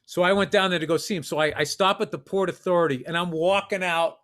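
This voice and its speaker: Animated, profane man telling a story. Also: high-pitched, fast talker. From Massachusetts. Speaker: podcast co-host. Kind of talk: storytelling in casual chat.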